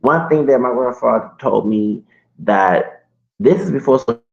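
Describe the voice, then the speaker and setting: A man's voice: mid-range voice, lively intonation, measured pace, gravelly. A man in his forties talking in a long, rambling livestream monologue, often restarting and correcting himself. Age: 40s. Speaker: streamer. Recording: echoey room, dull lo-fi sound.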